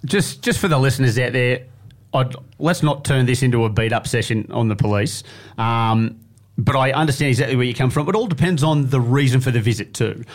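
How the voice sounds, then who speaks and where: A man's voice: mid-range voice, brisk. A man with an Australian accent, co-hosting a podcast and telling stories in casual chat, acting out the people he quotes. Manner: animated storyteller, acts out quotes. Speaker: podcast co-host.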